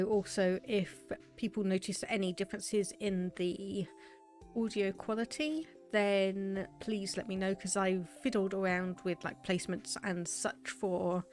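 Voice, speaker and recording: Slow-talking British woman streamer. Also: medium pitch. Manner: chatty, laughs often, thinks aloud with fillers. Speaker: game streamer. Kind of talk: casual chat with live viewers. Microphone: desk microphone.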